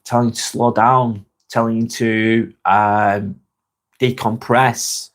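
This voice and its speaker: Live from a spare bedroom, a man from England chats with his viewers and reads their comments, rambling and repeating himself with many ums. He uses a wireless clip-on mic, and his mid-range voice stays level and slow.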